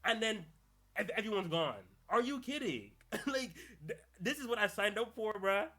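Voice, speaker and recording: A man's voice: high voice, expressive, normal speed, pushed and bright. A young adult man hosting a podcast, talking in casual, slangy solo commentary and laughing through his rants. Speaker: podcast host.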